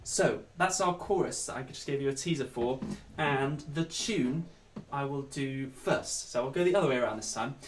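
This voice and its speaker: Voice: mid-range voice, moderate pace. A choir leader, casually talking singers through their parts one step at a time in a home video session. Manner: friendly, chatty, explains step by step. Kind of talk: casual singing tutorial. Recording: roomy sound with music behind.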